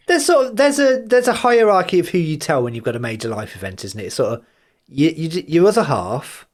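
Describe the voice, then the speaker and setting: A man's voice: a little high, sing-song, a little fast. A man co-hosting a podcast in a casual chat, teasing his friend and mimicking other people's voices for laughs. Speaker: podcast co-host.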